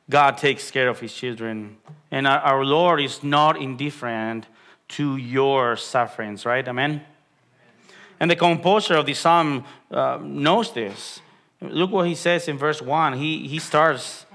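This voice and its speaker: A man's voice: mid-range voice, unhurried, a bit bright. A man preaching a sermon as pastor of a congregation, earnest and emphatic, often repeating phrases and restarting his sentences with an "uh". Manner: frequent restarts and filler "uh".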